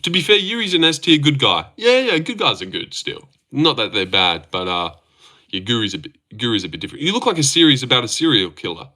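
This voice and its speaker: Sweary man, bright punchy voice. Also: mid-range voice, big pitch swings, a little fast. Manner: sweary, joking, laughs often. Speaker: livestream host reading chat. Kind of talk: casual livestream chat.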